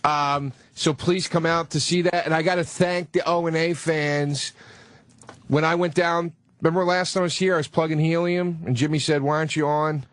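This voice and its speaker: Comic guy on a radio show, kinda high voice, dry mic, swears a lot. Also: fairly even intonation, normal speed, a bit bright, dry recording. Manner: loose, profane, plugging shows. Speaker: comedian guest. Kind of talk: casual radio chat.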